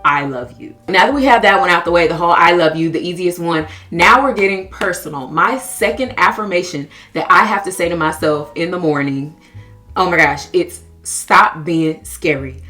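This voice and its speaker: A woman's voice: fairly low pitch, a little fast, sharp tone, faint music behind. A woman in her twenties with an American accent, talking candidly and earnestly to camera about her personal affirmations. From United States. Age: 20s. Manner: earnest, confessional, emotionally open. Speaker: vlogger. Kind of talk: candid self-help talk to camera.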